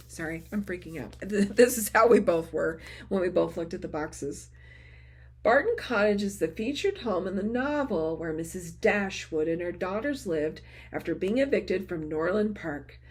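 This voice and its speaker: Slow, gushing woman crafter. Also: medium pitch, slight background noise. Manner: gushing, excitable, quotes herself and friends. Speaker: craft vlogger. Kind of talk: casual show-and-tell chat.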